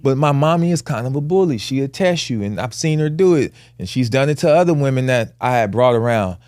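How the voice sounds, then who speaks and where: A man's voice: mid-range voice, lively intonation, a little fast, darkish tone, clean tone. A man in his forties, a podcast co-host, telling a personal family story in casual with earnest emphasis. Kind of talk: candid conversational storytelling.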